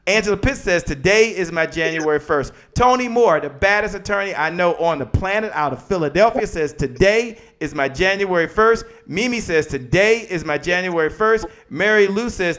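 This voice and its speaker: A man hosts a live business show with high, revved-up energy. His voice sits a little above the usual male pitch. He repeats his lines like a preacher working a crowd. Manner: energetic, repetitive, preacher-like chanting. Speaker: host. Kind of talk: motivational live show hosting.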